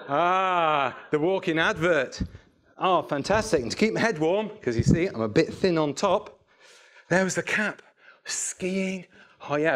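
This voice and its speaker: A middle-aged man gives a lively storytelling talk to a live audience, mocking himself as he goes. His voice sits a little high for a man, and he acts out the scenes he describes. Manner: animated, self-mocking, acts out phone calls. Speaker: public speaker.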